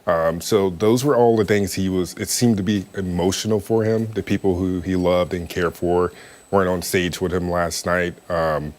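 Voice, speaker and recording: A man's voice: sits low, fairly even intonation, normal speed, a little mellow. A man reporting for a local TV news show, talking conversationally with frequent ums. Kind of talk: live news debrief.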